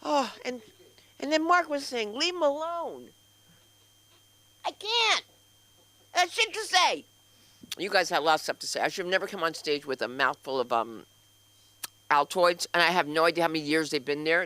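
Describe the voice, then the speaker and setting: A woman's voice: sits low, brisk, bright, forceful tone, dry recording, poor audio. A woman hosting a comedy open mic, rambling through loose, crude banter on stage. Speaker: comedy school host. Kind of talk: stand-up host banter.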